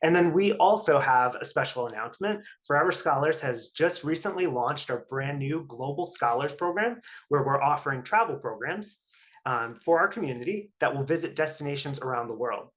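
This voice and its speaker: A man's voice: fairly high pitch, normal speed. A man hosting an online webinar, reading announcements and introducing the guest speaker. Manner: steady, reads prepared notes. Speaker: webinar host. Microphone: video call.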